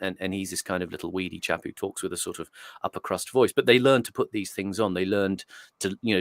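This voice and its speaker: A man from Northeast England with a fairly low voice hosts a relaxed podcast chat. He talks in a digressive, thoughtful way and often restarts his sentences. The sound is dry and close. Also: dry recording. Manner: digressive and reflective, many restarts. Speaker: host. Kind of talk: casual podcast discussion. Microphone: streaming setup mic.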